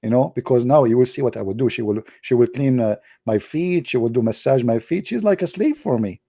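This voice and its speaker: Vlogger, male, from the Arab world; teasing, mellow, dry sound. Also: mid-range voice, a little fast, gravelly, dry recording. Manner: teasing, chuckling asides. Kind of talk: casual joking commentary.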